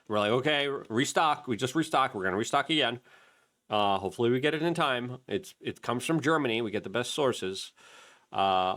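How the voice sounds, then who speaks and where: A middle-aged man hosting an independent media channel, giving heated commentary and mocking the people he quotes. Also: mid-range voice. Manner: animated, mocking voices when quoting others. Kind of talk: commentary with a product plug.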